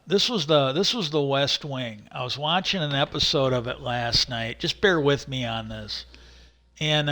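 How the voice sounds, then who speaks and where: A middle-aged man hosting a livestream tells a long, meandering story in casual chat. His mid-range voice has a fairly bright tone, and he animatedly acts out the voices of the people he quotes.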